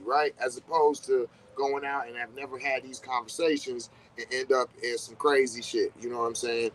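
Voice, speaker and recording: A man's voice: a little high, poor audio. Laid-back man in casual spiritual talk. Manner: loose, conversational, swears often, acts out quoted reactions. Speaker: podcast host.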